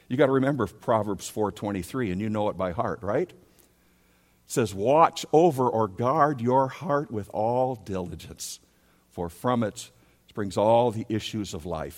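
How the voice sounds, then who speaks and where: A man's voice: fairly low pitch, lively intonation, a little slow. Emphatic male preacher in a big hall. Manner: emphatic preacher who rises and drops in volume, repeating key words. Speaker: pastor. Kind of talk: sermon. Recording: long reverb of a large hall.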